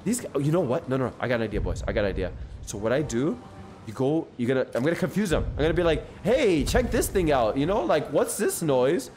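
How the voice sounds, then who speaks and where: A man streaming a video game, chatting excitedly and joking with his viewers. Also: medium pitch, racing. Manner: excitable, jokey, talks to chat. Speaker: gaming streamer. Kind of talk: live gameplay commentary. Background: game music.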